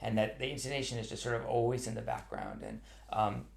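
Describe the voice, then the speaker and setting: A cello teacher fields viewer questions in a live online chat, sounding earnest and thoughtful while he ums and restarts a lot. His medium-pitched voice is gravelly and fast, with huge swings in pitch. The recording has a roomy echo.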